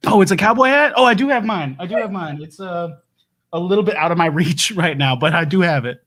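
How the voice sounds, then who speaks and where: A man's voice: high voice, animated, brisk, fairly bright tone. A man playing a bumbling doomsday prep lecturer and husband, stammering and backpedalling in an improv comedy livestream. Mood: flustered. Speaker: host.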